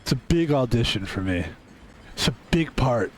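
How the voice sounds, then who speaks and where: A man's voice: medium pitch, lively intonation, normal speed, a little hiss or hum. A young adult man streaming a game, chatting casually in a rambling, joking way with plenty of swearing. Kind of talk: casual gaming stream chat.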